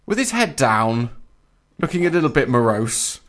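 A man's voice: medium pitch, sing-song, moderate pace. A man co-hosting a podcast, telling stories in casual comic chat with dry, mock-grand wit. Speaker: podcast co-host.

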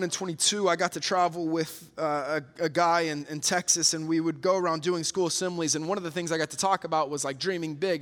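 A man's voice: fairly high pitch, fairly bright tone. A young man preaching a sermon in an earnest storytelling way, with many restarts and fillers. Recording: long reverb of a hall.

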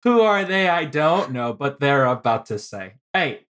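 A man's voice: mid-range voice, sing-song, unhurried, fairly bright tone. A man hosting a film podcast, chatting playfully and laughing often as he runs through award stats. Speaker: podcast host. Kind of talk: casual podcast chat.

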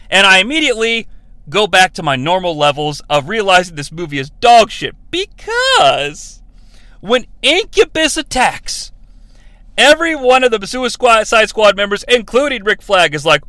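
A man's voice: high voice, unhurried, dry recording. A man hosting a podcast, giving a sarcastic, profane, comedic recap of a movie. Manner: sarcastic, profane, animated retelling. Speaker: podcast host.

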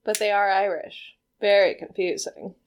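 A woman's voice: medium pitch, fairly even intonation, normal speed. A woman chatting casually while watching a film, swearing freely and laughing often. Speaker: movie watch-along co-host. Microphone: headphones with mic.

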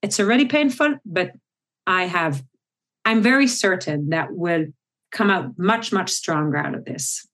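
A woman's voice: fairly low pitch, lively intonation, measured pace, fairly bright tone. A woman from Israel, a podcast guest talking in a thoughtful, earnest way. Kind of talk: reflective interview talk.

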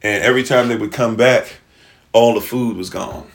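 A man's voice: medium pitch, normal speed, gravelly. A man preaching in a casual, slangy way, retelling a scripture story and acting out its characters.

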